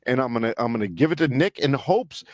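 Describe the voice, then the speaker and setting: Dude rambling on a podcast, middle pitch, dry close sound. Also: male voice, animated, quick pace, dry recording. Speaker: podcast co-host. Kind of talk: casual chat.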